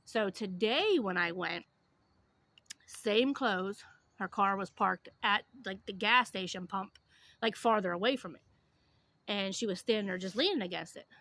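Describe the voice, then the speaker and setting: Bright-voiced woman vlogger telling a story. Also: mid-range voice. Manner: chatty, animated retelling with lots of fillers. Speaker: YouTuber. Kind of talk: casual storytelling to camera.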